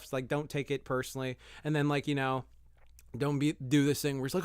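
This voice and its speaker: A man's voice: fairly high pitch, fairly even intonation, fairly quick, smooth, no echo, clean studio sound. Rambling young-sounding man giving advice. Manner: rambling, swears, acts out quoted texts in a raised voice. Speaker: podcast co-host. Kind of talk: casual chat, giving dating advice.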